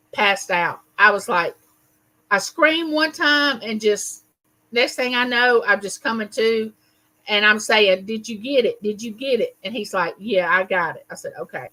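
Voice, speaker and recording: Bright-voiced woman telling stories live. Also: fairly high pitch, low-quality recording. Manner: animated storyteller, greets viewers warmly by name. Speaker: livestream host. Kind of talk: casual livestream chat and storytelling.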